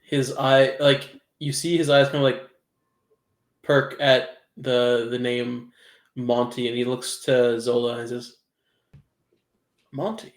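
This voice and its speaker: A man narrating as the game master in a relaxed, hesitant way. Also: mid-range voice, takes it slowly. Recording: roomy echo.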